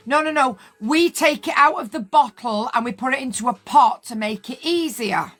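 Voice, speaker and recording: Woman, 50s, fairly high voice, livestream chat, indignant, repeats herself for emphasis. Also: normal speed, few pauses, fairly bright tone. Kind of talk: casual livestream chat with viewers.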